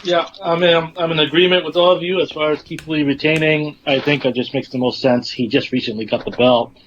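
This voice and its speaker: A man co-hosting a casual podcast, talking in a measured way with lots of ums. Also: fairly high pitch, fairly even intonation, fairly bright tone, highs cut off, slight background noise. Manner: measured, with many fillers. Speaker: podcast co-host.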